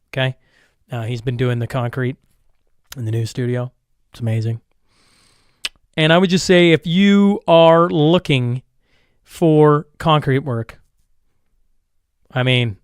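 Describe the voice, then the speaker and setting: A man's voice: fairly high pitch, no echo, clean studio sound. A man hosting a podcast, reading sponsor spots and event plugs in a rambling, upbeat, casual way. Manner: upbeat, rambling, restarts and self-corrections. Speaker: podcast host. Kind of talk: casual ad reads and show intro.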